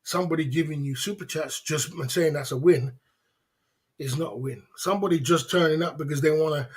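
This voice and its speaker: A man's voice: on the high side, a little fast, husky. A man hosting a casual livestream, talking in a preachy, repetitive way full of rhetorical questions. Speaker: livestream host.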